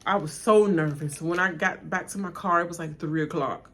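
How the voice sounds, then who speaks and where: A woman's voice: fairly low pitch, normal speed, a bit bright. A woman hosting a reaction video, ranting casually and animatedly straight to her viewers in slangy, laughing chatter. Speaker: reaction channel host.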